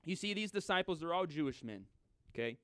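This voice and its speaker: A man preaching a sermon in a conversational way, swinging from loud, urgent lines to hushed ones. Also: a little high, lively intonation, fairly quick, no echo, clean studio sound.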